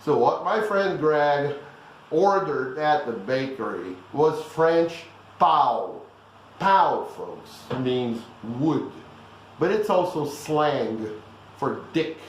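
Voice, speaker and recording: A man's voice: a little high, animated, extremely slow, very echoey, slight background noise, low-quality recording. A man giving a blunt, teasing pronunciation lesson that keeps checking in with the listeners. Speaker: language teacher.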